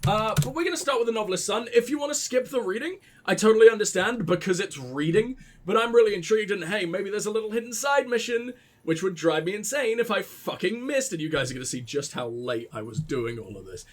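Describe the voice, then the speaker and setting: A man's voice: high-pitched, expressive, fast talker. A man hosting a let's play, joking, swearing and poking fun at himself in casual gaming commentary. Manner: joking, swearing, self-mocking.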